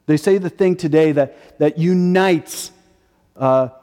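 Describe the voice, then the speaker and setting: A man's voice: on the high side, slow pace, warm tone, big-room sound. A man in his forties preaching a sermon as a pastor, emphatic and repeating his key phrases. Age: 40s.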